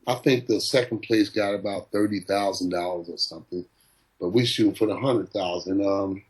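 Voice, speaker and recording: A man's voice: low voice, moderate pace, darkish tone, rough recording. A middle-aged man, a boxing trainer, telling stories in an interview and acting out the people he quotes. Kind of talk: storytelling in an interview.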